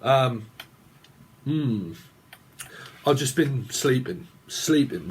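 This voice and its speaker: Slow, rambling male tarot reader. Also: medium pitch, animated, fairly bright tone, breathy edge. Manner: free-associating, muttering names, chuckling. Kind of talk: rambling tarot reading vlog.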